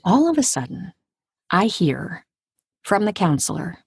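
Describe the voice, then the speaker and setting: Husky-voiced woman telling a dramatic story. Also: lowish voice, big pitch swings, a little slow, no echo, studio quality. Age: 40s. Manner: vivid, dramatic storytelling, drops to a hush at tense moments. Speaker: audiobook narrator and actor, guest. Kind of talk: personal storytelling in an interview.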